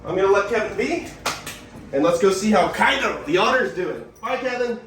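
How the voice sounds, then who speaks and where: High-voiced man chatting in an echoey room. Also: expressive, a little fast, a bit bright, soft background music. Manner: upbeat, chatty, gushing over animals. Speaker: wildlife keeper and show host. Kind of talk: casual vlog talk to camera. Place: animal enclosures at a wildlife park. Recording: roomy echo with faint ambience.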